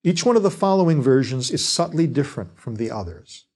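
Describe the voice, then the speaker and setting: A male lecturer delivers a prepared talk on writing. His voice sits at a middle pitch, and his delivery is measured and deliberate. He lays out each point in steady, explanatory phrases. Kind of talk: scripted lecture.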